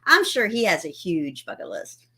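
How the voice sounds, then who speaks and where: Female co-host, bright and lively, pitch moving all over, casual chat. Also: moderate pace, slightly rough. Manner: lively and laughing, chimes in with short remarks. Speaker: co-host of a cruise channel livestream.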